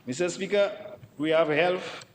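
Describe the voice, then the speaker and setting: A man's voice: a little high, measured pace, in a large hall, slight background noise, rough recording. A Dominican man, a member of parliament, giving an emphatic debate speech in the chamber and repeating himself for stress.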